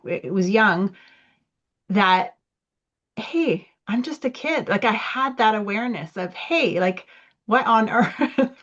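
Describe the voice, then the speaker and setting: Reflective woman host, slightly dull audio. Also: medium pitch. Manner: reflective, halting, many fillers. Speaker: podcast host. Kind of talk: casual chat.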